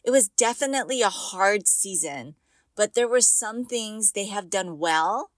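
A woman's voice: mid-range voice, animated, a little slow, no echo. A middle-aged woman hosting a podcast for moms, talking in a chatty, encouraging way and laughing often. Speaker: podcast host and mom coach. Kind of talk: casual podcast monologue.

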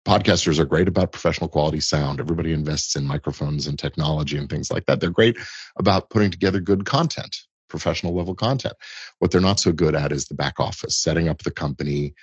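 A man's voice: extremely low pitch, breathy edge, dry recording, lo-fi sound. A middle-aged man, an entertainment lawyer, explaining things thoughtfully as an interview guest, often restarting phrases. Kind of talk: conversational interview answers.

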